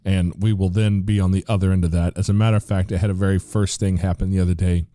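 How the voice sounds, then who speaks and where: Low-voiced American man, dark tone. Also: flat delivery, quick pace, no room sound, clean studio sound. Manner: earnest, rambling, with frequent restarts. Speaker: podcast host. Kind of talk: casual conversational interview.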